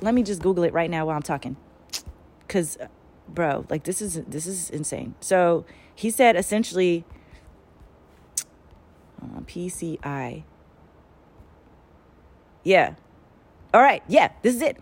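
Profane, rambling woman channeler. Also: mid-range voice. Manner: profane, rambling, animated storytelling. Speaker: spiritual channeler. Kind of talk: casual spiritual monologue.

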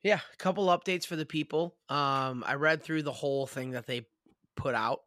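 A man's voice: on the high side, moderate pace, pushed and bright, no echo, clean studio sound. A man co-hosting a sports podcast, swearing freely and ranting in casual banter. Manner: profane, fired-up rants. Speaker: podcast co-host.

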